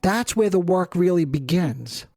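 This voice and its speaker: A middle-aged male therapist giving an educational talk in a measured, explanatory way with rhetorical asides. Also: sits high, expressive, darkish tone, dry recording, soft background music. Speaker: therapist host.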